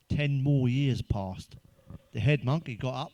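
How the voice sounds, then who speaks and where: A man's voice: medium pitch, measured pace, darkish tone, no echo. A man telling crude stand-up jokes, swearing constantly and laughing at his own punchlines. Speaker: stand-up comedian.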